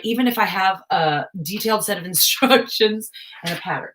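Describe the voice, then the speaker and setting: A woman's voice: on the low side, moderate pace, fairly bright tone. A young woman chatting casually through a live craft stream, scatterbrained and self-deprecating, laughing often at herself. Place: home craft room.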